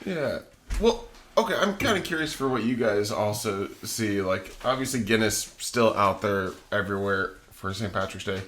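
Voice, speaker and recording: A man with a fairly low voice joins a podcast as a returning guest. He keeps the casual chat light with short, dry, joking quips. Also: animated, normal speed, a bit bright, slight background noise.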